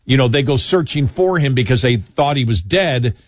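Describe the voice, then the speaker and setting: A man's voice: mid-range voice, animated, moderate pace, no echo, clean studio sound. A man hosting a casual political talk show, rambling through anecdotes with many restarts and chuckles. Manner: rambling, self-interrupting, chuckling storyteller. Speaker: radio talk show host.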